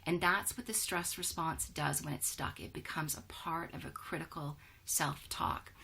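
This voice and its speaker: Low husky woman on a video call teaching a wellness workshop, gravelly, keeps saying good to chat replies. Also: steady tone, bright, forceful tone. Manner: affirming, reads out chat replies with quick "good"s.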